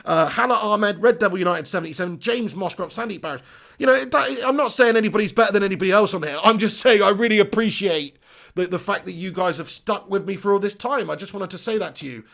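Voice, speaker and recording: High gravelly man hosting a live stream. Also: fast talker. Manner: chatty, upbeat, lots of shout-outs. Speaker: football channel host.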